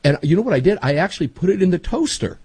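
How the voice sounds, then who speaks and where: A man's voice: sits high, big pitch swings, very fast, warm tone, slightly rough, no room sound. A middle-aged man hosting a podcast, chatting casually and rambling with emphatic asides. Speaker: podcast host. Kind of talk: casual chat.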